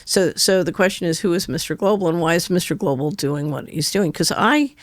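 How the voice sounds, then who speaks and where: A woman's voice: on the low side, animated, brisk, no room sound, studio quality. An older woman, a guest on an interview show, telling anecdotes in a chatty way and laughing through her stories. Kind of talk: conversational storytelling interview.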